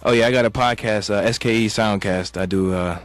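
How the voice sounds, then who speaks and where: A man talking as a guest on a radio show in a studio booth. He speaks in a relaxed way with hesitant fillers and often says "man". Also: fairly low pitch, a little fast, soft background music. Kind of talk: casual radio interview.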